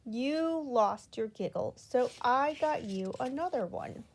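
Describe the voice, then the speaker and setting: A woman's voice: fairly high pitch, lively intonation, slow pace, voice pushed up, heavily acted, rough recording. A woman voicing a cheerful, kindly man who laughs a lot. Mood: jolly. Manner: bright, laughing, hopeful.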